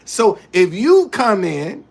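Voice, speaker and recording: A man's voice: high voice, sing-song, takes it slowly, gravelly, breathy edge. Heated man scolding a chat. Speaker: livestream host. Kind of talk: casual livestream talk.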